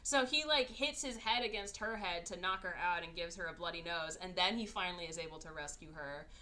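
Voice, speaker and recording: A woman's voice: fairly low pitch, fairly quick, pushed and bright. A woman podcast host in casual chat, sarcastically recapping a movie and acting out its characters in exaggerated voices.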